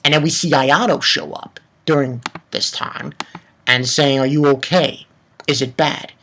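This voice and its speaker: Excited young man rambling a manga review. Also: mid-range voice, unhurried, slight background noise. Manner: excited, rambling, swears a lot. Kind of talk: casual solo review.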